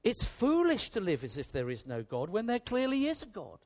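A male preacher with a high voice that leaps up and down in pitch as he preaches. He speaks with emphasis, returns to the same phrases again and again, and asks his listeners direct questions. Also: huge pitch swings, normal speed. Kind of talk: sermon.

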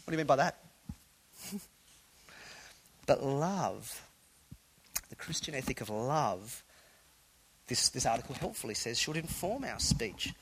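A man preaching a sermon to a congregation in a church, animated and conversational, with playful asides. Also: medium pitch, a little slow, long pauses, a little hiss or hum, rough recording. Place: church hall before a congregation.

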